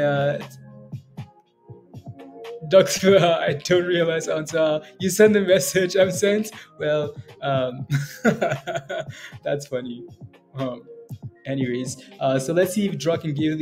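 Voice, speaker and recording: A man's voice: fairly high pitch, a little mellow. A man hosting a day-trading livestream, rambling casually with many fillers and short laughs as he reads the chat. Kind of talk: casual live-stream commentary.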